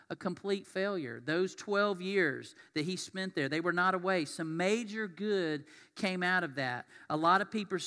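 A man's voice: on the high side, a bit bright. A man preaching a sermon as pastor, in a conversational, folksy way that acts out quoted voices. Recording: long hall reverb.

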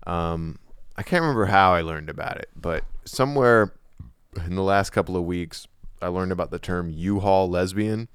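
Deep-voiced young man, rambling crude chat. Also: moderate pace, clear, resonant tone, no echo, studio quality. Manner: rambling, crude, many restarts and fillers. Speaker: podcast co-host. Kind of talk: casual chat.

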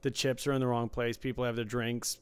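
A man's voice: mid-range voice, flat delivery, brisk, clear, resonant tone. A man co-hosting a casual podcast chat, easygoing and rambling, laughing often. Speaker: podcast co-host. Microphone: podcast microphone.

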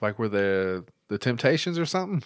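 A man's voice: medium pitch, very animated, a little fast, clean tone, no room sound, clean studio sound. A man hosting a casual reaction chat, joking and swearing freely. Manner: profane, laughing banter.

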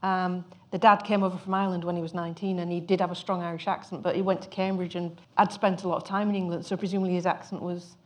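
A woman's voice: on the low side, little pitch movement, fast, hardly any pauses. A woman director speaking on a panel discussion, thoughtful and often restarting her sentences.

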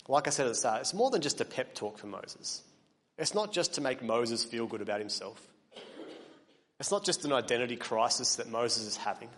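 A man preaching a sermon, earnest, building to emphatic peaks and then dropping quiet. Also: mid-range voice, in a large hall. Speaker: pastor.

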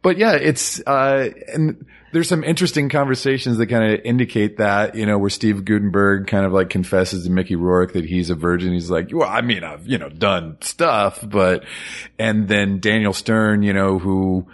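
Man in his forties, low voice, casual podcast co-host, loose rambling talk. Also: normal speed. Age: 40s. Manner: relaxed, rambling, laughs often. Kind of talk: casual podcast chat about a movie.

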